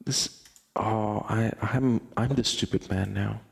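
Slow, gravelly young man rambling. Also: on the low side, steady tone. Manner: rambling, laughs often, swears casually. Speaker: podcast host. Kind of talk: casual late-night podcast monologue.

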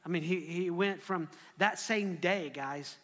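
A man preaching a sermon, telling the story in an animated way and often restarting his phrases. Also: high-pitched, unhurried. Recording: echoey hall.

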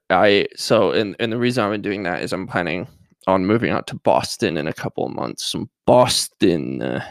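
A man's voice: low-pitched, gravelly, dry recording. A young man hosting a casual solo podcast, rambling and hesitant with lots of fillers and self-mocking jokes, a little nervous. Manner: self-mocking jokey asides. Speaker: podcast host.

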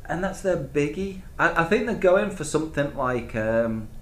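A man's voice: a little high, animated, moderate pace. A man hosting a casual chat, rambling through opinions with many restarts and asides. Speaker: podcast host reviewing TV shows. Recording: echoey room with faint background noise.

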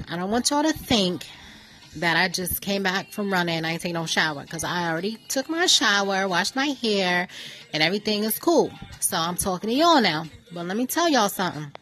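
A woman hosting her own radio show, talking casually and joking through a playful, animated story. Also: lowish voice. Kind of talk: casual chatty monologue. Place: New York.

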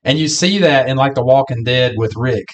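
Man, podcast co-host, casual film chat, lively, mid-pitched voice. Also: moderate pace. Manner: chatty, acts out movie lines.

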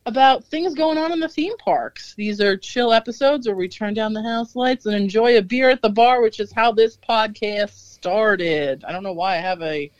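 A woman co-hosting a podcast, chatting casually over drinks with quick, joking asides. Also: a little high, no echo, dull audio. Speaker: podcast co-host.

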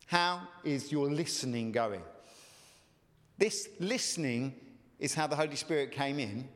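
Male pastor, earnest conversational sermon, high voice, long hall reverb. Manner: earnest, conversational preaching with repeated questions. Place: church.

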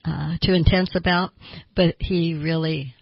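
Husky older woman hosting an advice show. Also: deep voice, fairly even intonation, measured pace, dry recording, dull audio. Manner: earnest, asks listeners direct questions. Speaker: radio therapist host.

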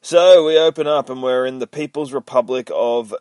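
A man's voice: mid-range voice, moderate pace, a little mellow, no room sound. A man hosting a casual comic book recap podcast, rambling, swearing a lot and mocking himself. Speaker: podcast host.

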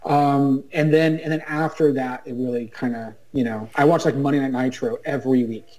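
Mellow-toned male guest, casual video-call chat, loose and rambling delivery. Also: mid-range voice, fairly even intonation, moderate pace, rough recording. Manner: rambling, with many restarts and fillers. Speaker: guest, writer.

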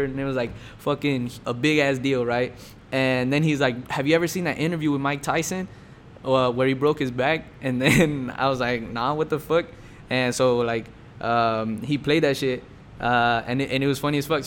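A man's voice: mid-range voice, a little hiss or hum. Laid-back, swearing young man telling a story. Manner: laid-back, profane, full of fillers and quoted dialogue. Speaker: storyteller explaining his rap name. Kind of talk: casual storytelling monologue.

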